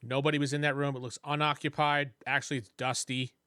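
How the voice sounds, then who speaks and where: A man's voice: mid-range voice, flat delivery, fast, bright, forceful tone, smooth, no echo, clean studio sound. A man narrating a tabletop game as game master in an easygoing way, with hesitant restarts.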